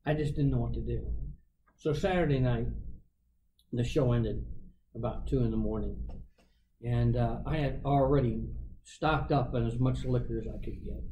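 An older man, a guest preacher, telling his testimony with animated storytelling and acting out the voices in it. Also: mid-range voice, moderate pace, long pauses, distant mic, muffled recording, slight background noise.

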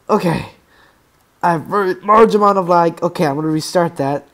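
A man giving excitable gaming commentary, swearing freely and breaking into yelps and screams. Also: on the high side, a little fast. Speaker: let's play gamer.

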